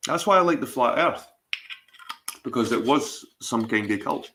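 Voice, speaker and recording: A man's voice: medium pitch, lively intonation, normal speed, a bit bright, slight background noise. A middle-aged Scottish man chatting casually on his livestream, rambling, swearing and repeating himself. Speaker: livestream host.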